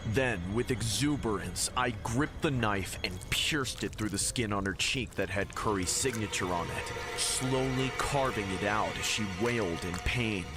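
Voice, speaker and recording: A man narrating a first-person horror story in an even, dramatic storytelling manner. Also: lowish voice, a little slow, hardly any pauses. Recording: loud music underneath.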